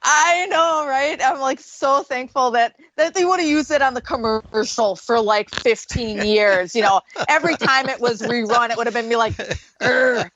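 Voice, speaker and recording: A woman's voice: a little high, normal speed, few pauses, fairly bright tone, dry recording, highs cut off. A woman, a paranormal investigator, tells a story on a radio show and acts out the voices she quotes.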